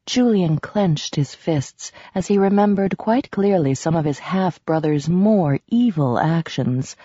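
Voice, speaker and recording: A woman narrating a novel in a slow, lower-pitched voice, steady and measured. The sound is close and dry, slightly dulled like a home audiobook recording. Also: breathy edge, dry recording, lo-fi sound. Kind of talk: scripted narration.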